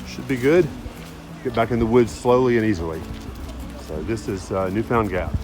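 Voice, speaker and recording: A man's voice: lowish voice, moderate pace, darkish tone, faint music behind, low-quality recording. A man talking to camera as a thru-hiker vlogger outdoors on a mountain trail, upbeat, grateful and chatty, recorded on a handheld phone. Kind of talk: casual outdoor vlog talk to camera.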